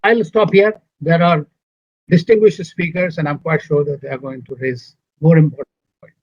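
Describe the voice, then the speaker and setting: A man's voice: on the high side, fairly even intonation, normal speed. A man, a former ambassador, giving opinionated, conversational panel remarks over a video call. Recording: muffled lo-fi call audio.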